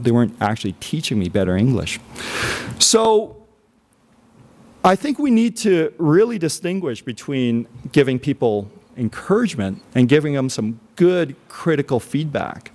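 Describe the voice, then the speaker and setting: A man giving a conference talk in a casual, conversational way, often checking in with the audience with "okay?" and pausing on "um". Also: mid-range voice, darkish tone. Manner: conversational, frequent "okay?" check-ins and "um" fillers. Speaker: conference speaker. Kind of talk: keynote talk. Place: conference stage.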